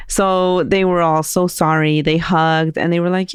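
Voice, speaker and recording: Animated woman telling spooky stories. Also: fairly low pitch, unhurried, hardly any pauses, clean tone, dry recording, studio quality. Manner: animated, laughing, acts out quoted voices. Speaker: podcast host, storyteller. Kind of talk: casual storytelling chat.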